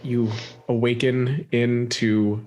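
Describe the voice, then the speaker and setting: A man hosting and narrating as game master, relaxed and measured as he describes scenes. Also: medium pitch.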